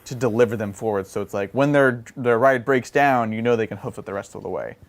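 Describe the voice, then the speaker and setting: Guy cohosting a tabletop gaming podcast, chatty and excitable, yells and laughs when stuff gets funny, average pitch. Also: quick pace. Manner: excitable, bursts into laughing exclamations. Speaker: podcast co-host. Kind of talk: casual chat answering questions.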